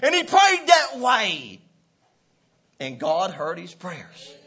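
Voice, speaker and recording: A man preaching a sermon with passion, often breaking into shouts and laughs. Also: high-pitched, wildly swooping pitch, takes it slowly, slightly rough. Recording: dull lo-fi recording.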